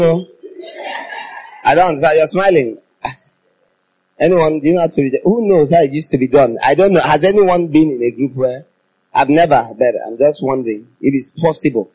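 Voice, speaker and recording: A man preaching a sermon in an animated, playful way, often laughing and leading the congregation in chanting. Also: mid-range voice, husky, lo-fi sound.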